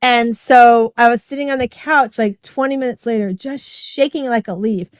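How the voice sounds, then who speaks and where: Middle-aged woman, podcast guest, casual storytelling, fairly high voice, dry close sound. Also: moderate pace, dry recording. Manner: chatty, heavy use of "like" and "right?".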